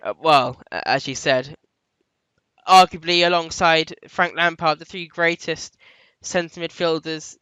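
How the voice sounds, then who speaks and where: A man co-hosts a casual football podcast, opinionated and animated in quick bursts. His voice is bright and smooth, a bit higher than most men. The sound is dry and close. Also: no echo, dull audio. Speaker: podcast co-host.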